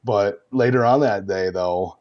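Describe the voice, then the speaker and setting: A man guest in a casual interview, telling animated, laughing anecdotes with lots of fillers. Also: on the low side, a little slow, highs cut off. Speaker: guest, roleplay streamer.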